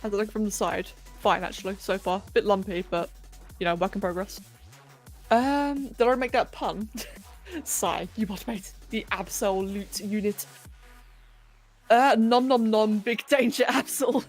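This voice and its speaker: A woman's voice: mid-range voice, a little slow. A woman hosting a live stream, chatting casually and thinking aloud with self-mocking humour while she sculpts. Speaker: livestream host. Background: faint electronic music.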